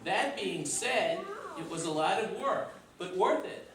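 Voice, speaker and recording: A man playing a joke-telling emcee in an amateur comedy play, who delivers deadpan one-liners. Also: high-pitched, unhurried, a crowd in the background. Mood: joking. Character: jokey showman host, male, grown man. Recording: distant voice in a noisy echoey hall with audience.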